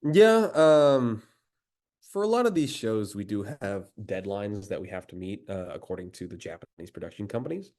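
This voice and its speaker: A man's voice: fairly low pitch, lively intonation, normal speed, darkish tone. A voice actor from the United States, a man, chatting in an interview with many fillers and restarts. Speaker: voice actor guest. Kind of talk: casual interview chat.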